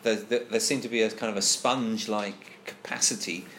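A man's voice: fairly low pitch, steady tone, moderate pace, fairly bright tone, slight background noise. A man leading a casual group discussion, thoughtful and hesitant, restarting his sentences often.

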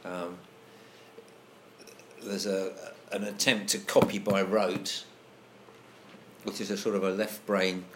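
Low-voiced man musing in discussion. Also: little pitch movement, slow, pauses often, noisy background. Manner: thoughtful, hesitant, many restarts and fillers. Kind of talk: casual group discussion.

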